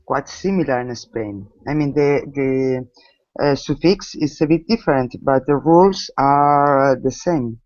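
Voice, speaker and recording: A man's voice: mid-range voice, a little slow, a little mellow, no room sound. A man taking an online language class, hesitant and full of fillers. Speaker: language student. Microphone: video call. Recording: dull, dry video call audio.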